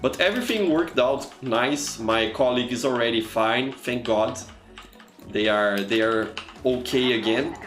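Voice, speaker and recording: A man's voice: mid-range voice, a little slow, a bit bright. Chatty man streaming games. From Brazil. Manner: chatty, greets viewers by name, many "you know" fillers. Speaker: streamer and teacher. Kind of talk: casual live-stream chat over gameplay. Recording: echoey room with faint music.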